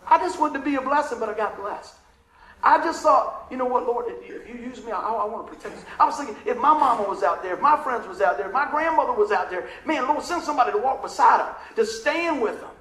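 A man's voice: very high-pitched, expressive, quick pace, fairly bright tone, echoey room, low-quality recording. A man preaching a story-filled sermon, talking conversationally and emotionally, checking in with the congregation.

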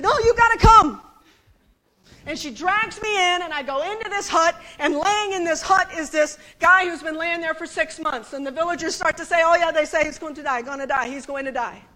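A woman preaching a sermon, telling a story in a chatty, animated way and laughing with the congregation. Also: high voice. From United States.

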